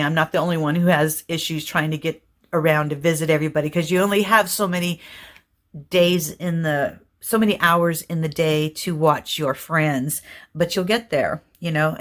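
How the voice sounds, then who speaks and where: Chatty woman rambling fast. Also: low-pitched. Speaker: craft channel host. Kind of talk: casual chat to viewers.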